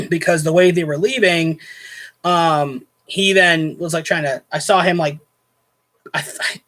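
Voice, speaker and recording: A man's voice: on the high side, unhurried, a bit bright. A man hosting a casual show, telling a story from his hotel night shift and acting out both sides of the argument with growing indignation. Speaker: host, former hotel night clerk.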